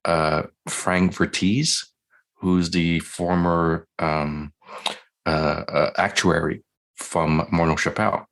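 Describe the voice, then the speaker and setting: Deep-voiced middle-aged man telling his story. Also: slow pace, gravelly. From Canada. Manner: animated, acts out his own past dialogue. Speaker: physician guest. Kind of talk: conversational storytelling interview.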